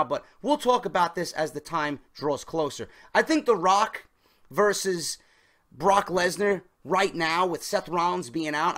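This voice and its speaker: A man's voice: high-pitched, a bit bright. Emphatic male wrestling news vlogger. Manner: emphatic, stresses key words, talks straight to viewers. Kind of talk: casual news commentary.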